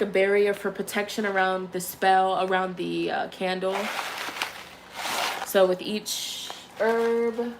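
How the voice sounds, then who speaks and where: A young woman who reads tarot, talking in a chatty, animated way and swearing freely as she tells a story and leads a ritual. Her voice sits at an ordinary middle pitch. Faint noise hums behind her. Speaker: tarot reader. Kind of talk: casual storytelling and candle ritual livestream.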